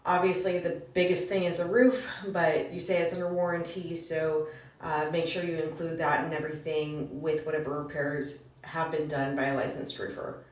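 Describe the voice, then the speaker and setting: A woman real estate broker acting out a comedic reenactment of her phone calls, talking in a brisk, polite, businesslike way. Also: low voice, level tone, reverberant, far from the mic.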